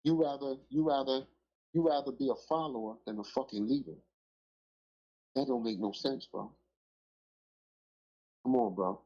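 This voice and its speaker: Gravelly, profane middle-aged storyteller man. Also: mid-range voice, normal speed, long pauses. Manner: profane, rambling and emphatic, with many filler phrases. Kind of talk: casual podcast storytelling. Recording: dull lo-fi audio.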